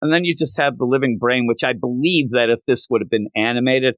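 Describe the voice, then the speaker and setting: A man's voice: a little fast, no echo. A man casually chatting through a comic book review, joking and acting out the characters' lines. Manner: animated, jokey, acts out quotes with big pitch jumps.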